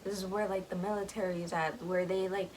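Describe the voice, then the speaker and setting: A woman's voice: lowish voice, level tone, a little fast, darkish tone, a little hiss or hum, lightly acted. A woman voicing a half-pig hybrid girl who explains things in a chatty, matter-of-fact way. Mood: explaining.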